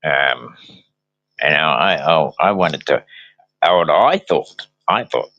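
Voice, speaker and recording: A man's voice: a bass voice, expressive, takes it slowly, sharp tone, no echo. A man hosting a casual conversation, easygoing and swearing now and then. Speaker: host. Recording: dull, dry sound.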